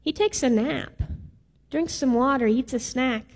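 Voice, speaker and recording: A woman's voice: high-pitched, unhurried. A woman preaching a sermon in a casual, playful way with some filler words. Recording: reverberant hall.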